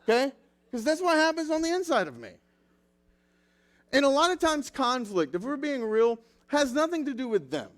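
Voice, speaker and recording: Man, thirties, pastor: bright high voice, loose chatty sermon, lots of "like" fillers. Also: very animated, moderate pace. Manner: chatty, self-deprecating, filler-heavy. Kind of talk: casual sermon with personal stories.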